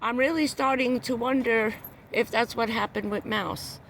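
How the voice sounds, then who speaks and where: A woman's voice: fairly high pitch, steady tone, normal speed, gravelly, a bit bright, slight background noise. A woman on a livestream, ranting in a heated, profane, repetitive way, upset and near tears, talking from a parked car. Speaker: vlogger. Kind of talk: angry livestream rant.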